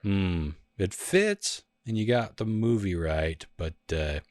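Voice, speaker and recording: A man hosting a music lyrics quiz in a casual podcast, playful and quick to laugh. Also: sing-song, darkish tone, dry recording. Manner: playful, laughs often, sings lyrics in a high falsetto. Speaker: host running a lyrics quiz.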